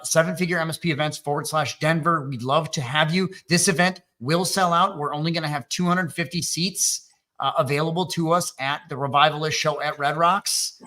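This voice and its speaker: A man's voice: on the high side, bright, forceful tone. A man from Wisconsin hosting a business coaching webinar, talking loosely and joking with fillers. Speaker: webinar host and MSP coach. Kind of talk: energetic webinar talk.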